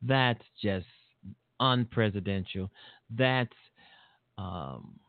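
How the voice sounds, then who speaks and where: A man's voice: on the low side, animated, very slow, dry recording. Blunt rambling man on a tinny line. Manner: blunt, repetitive, rambling with many fillers. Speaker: talk show host. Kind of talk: political commentary monologue.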